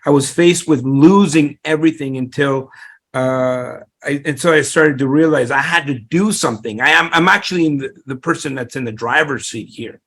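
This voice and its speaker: A man's voice: on the high side, normal speed, a bit bright. A middle-aged man, a real estate investor, telling his story in an interview, rambling with many restarts and fillers.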